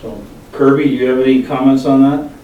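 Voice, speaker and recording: A man chairing a public city meeting. He leads the talk in a halting way and restarts often. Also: mid-range voice, steady tone, phone-quality sound, slight background noise. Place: council meeting room. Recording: echoey room, far from the mic.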